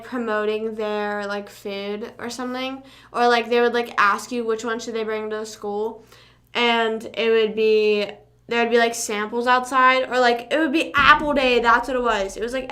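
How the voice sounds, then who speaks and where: A young woman chats loosely on her livestream, piling filler words into long, wandering stories and swearing casually. Her voice sits a little high and sounds bright and forward. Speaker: livestream host.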